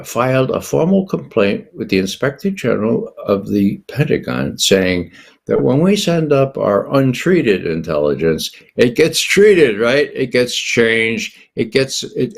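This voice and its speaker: An older man with a gravelly, husky voice that swings widely up and down as he talks. He gives political commentary as a guest and drives his points with rhetorical questions. His tone is sardonic and incredulous. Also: mid-range voice. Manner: emphatic, asks himself rhetorical questions.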